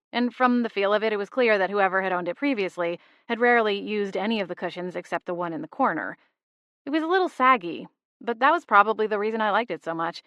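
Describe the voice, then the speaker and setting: A woman's voice: mid-range voice, a bit bright, no echo. A woman narrating a humorous cozy mystery audiobook in first person, with a wry, lightly humorous delivery.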